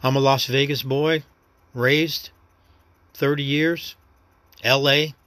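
A man with a New York accent talks through his life story on his own podcast, rambling and reflective without pushing. His voice sits in an ordinary middle pitch. The recording is dry and close, with no room sound. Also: steady tone, takes it slowly, fairly bright tone, no echo. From New York City. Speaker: podcast host. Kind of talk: casual personal monologue.

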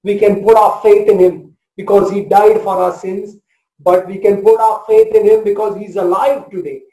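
Man, 40s, from India, pastor; high mellow voice, dynamic sermon delivery, echoey room. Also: flat delivery, moderate pace. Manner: passionate, swings between loud proclamation and soft hush.

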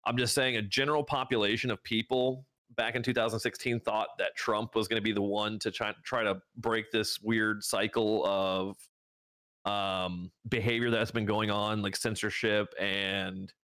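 A man's voice: lowish voice, level tone, normal speed, fairly bright tone. A man from the United States co-hosting a podcast in casual chat. He rambles, restarts his sentences often and laughs a lot. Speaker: podcast co-host.

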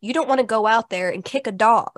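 A woman co-host speaks emphatically and insistently, filling her talk with "like" as she makes her point. Her voice sits a little high, and the sound is dry and close. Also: fast talker, no echo. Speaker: podcast co-host. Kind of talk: casual spiritual chat.

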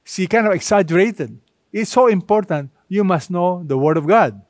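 Man preaching, emphatic, slightly high voice, dry close sound. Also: no room sound. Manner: emphatic, slows down to stress key words. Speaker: pastor. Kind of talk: sermon.

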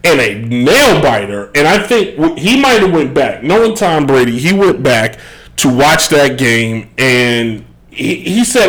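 Rambling sports host, higher-voiced man. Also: very animated, a little slow, a bit bright, rough recording. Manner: rambling, digressive, self-correcting, chuckling. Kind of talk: casual live sports talk show.

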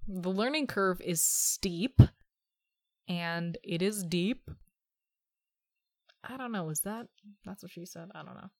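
A woman's voice: on the low side, slow pace, long pauses, no echo. Chatty sarcastic young woman, dry close sound. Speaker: podcast host. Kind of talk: casual chat.

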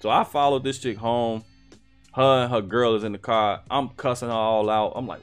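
A young man casually telling a personal story, slangy and animated, with lots of fillers. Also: mid-range voice, normal speed, clear, resonant tone, soft background music.

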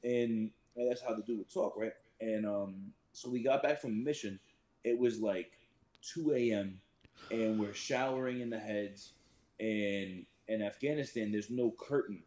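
A man, a Marine reservist, telling profane, animated stories as a podcast guest. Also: lowish voice, unhurried, reverberant, rough recording. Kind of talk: casual storytelling chat.

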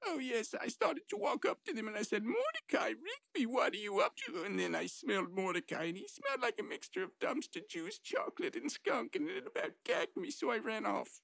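A prim, courteous old gentleman. His voice climbs high and quavers, gravelly at the edges, and it leaps all over the place. The sound is dry and close. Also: wildly swooping pitch, fairly quick, hardly any pauses, no room sound, heavily acted. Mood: prim, dainty. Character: prim, polite elderly gentleman, a cartoon character.

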